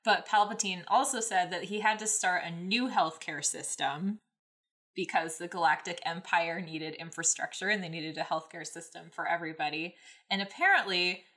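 A woman hosts a podcast and recaps a story in a loose, rambling way, full of fillers. Her voice is bright and forward. She keeps it casual and chatty. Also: lowish voice, normal speed. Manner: rambling, many ums and likes, laughing. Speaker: podcast host. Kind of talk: casual fanfic recap and reading.

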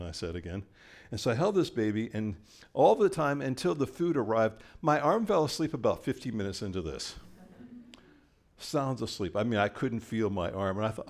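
An older male pastor preaching a sermon, telling a story and acting out the quoted lines with lively, animated delivery. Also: mid-range voice, moderate pace.

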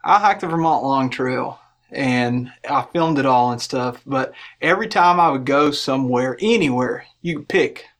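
A man's voice: medium pitch, normal speed, a bit bright. A young man with a Kentucky accent, a podcast guest telling easygoing stories about hiking and laughing often. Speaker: guest, hiker and video maker. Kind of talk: casual podcast interview.

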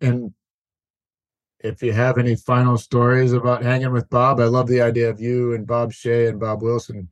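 A man's voice: mid-range voice, level tone, moderate pace, dry recording, muffled recording. A man hosting a podcast, chatting casually and prompting his guest. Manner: brief encouraging interjections. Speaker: podcast host. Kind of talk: casual interview chat.

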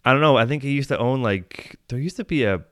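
A man's voice: mid-range voice, fast, fairly bright tone, dry recording. A man hosting a casual podcast chat, joking loosely, swearing and laughing often into a close mic. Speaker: podcast host.

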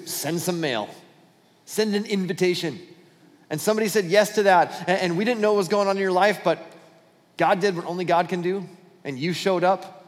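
A man's voice: high voice, long reverb tail. A man preaching a sermon as pastor, telling a Bible story with acted-out dialogue and frequent restarts.

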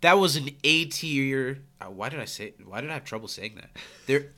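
A man's voice: medium pitch, lively intonation, normal speed, pushed and bright. A man co-hosting a podcast in casual chat, joking and reading sponsor plugs. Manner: joking, reads patron plugs. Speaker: podcast co-host.

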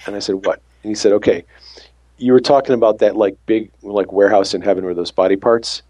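He works on an ambulance and tells a faith story from the job, performing the exchanges between people. The voice sits on the low side, mellow and fairly even in intonation, delivered at a quick pace with no echo.

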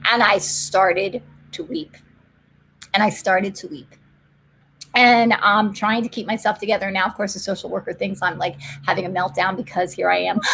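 A woman, a missionary nurse and guest, telling faith stories in conversation, animated and fervent, laughing often. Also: medium pitch, creaky, husky. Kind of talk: emotional faith storytelling in conversation.

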